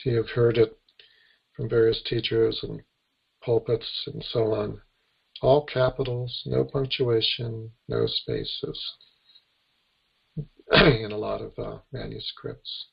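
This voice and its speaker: A man's voice: lowish voice, fairly even intonation, a little slow, gravelly, slightly rough, dull audio. A man with an American accent teaching an online webinar class, patiently spelling out letters and their sounds. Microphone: computer microphone on a webinar.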